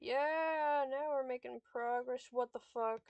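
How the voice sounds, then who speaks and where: A young woman playing a board game against the computer, swearing, yelling and muttering at it in frustration. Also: high voice, steady tone, a little slow, smooth, no room sound. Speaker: gamer. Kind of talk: swearing gameplay commentary.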